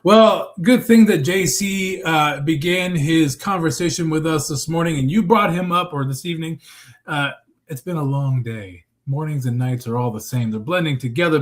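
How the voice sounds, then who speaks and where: A man delivers live wrestling play-by-play in a high voice. He rambles, cracks jokes and backtracks mid-sentence while narrating the action. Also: normal speed. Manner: rambling, jokey narration with self-corrections. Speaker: play-by-play commentator.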